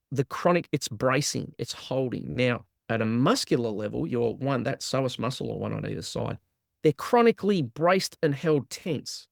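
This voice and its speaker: A man, a guest in an interview, explaining in lively fashion and voicing the body's inner talk in quoted lines. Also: medium pitch, creaky, no echo, clean studio sound. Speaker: guest, trauma release exercise practitioner.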